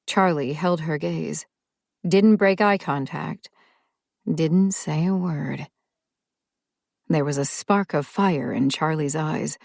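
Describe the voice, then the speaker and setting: A woman narrating an audiobook in a measured, calm way. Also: low-pitched, vocal fry, no echo, studio quality.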